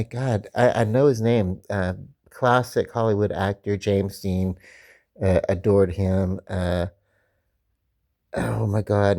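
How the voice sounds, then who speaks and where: A comic book vlogger with a Southern accent rambles casually through a video, his speech full of fillers and restarts. His voice is mellow and fairly low in pitch.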